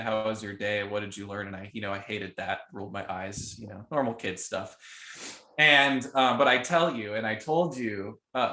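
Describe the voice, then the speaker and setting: A young man talks things through in a relaxed, thoughtful way, leaning on fillers like "you know" and "like". His voice is low and sounds a little roomy and echoey. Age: young adult. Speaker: podcast co-host, son. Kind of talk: casual reflective chat.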